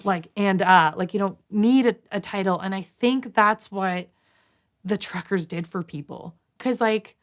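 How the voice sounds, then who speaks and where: This guest, a Canadian nurse in her thirties, speaks a little slowly at a medium pitch. She's telling a long personal story in a relaxed interview, with plenty of fillers, restarts and asides where she quotes others.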